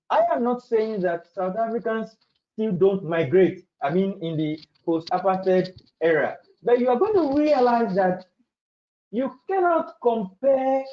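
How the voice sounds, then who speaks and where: A woman, speaking as a panelist in an academic webinar, talking in a measured, deliberate way and using anecdotes to make her points. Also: medium pitch, mellow. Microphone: video call. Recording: dull lo-fi video call audio.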